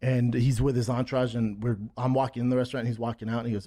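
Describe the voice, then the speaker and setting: Fast-talking man telling profane stories. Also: mid-range voice, no room sound, clean studio sound. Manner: animated, profane anecdotes. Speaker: podcast guest telling stories. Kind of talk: casual podcast storytelling. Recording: played from a podcast clip.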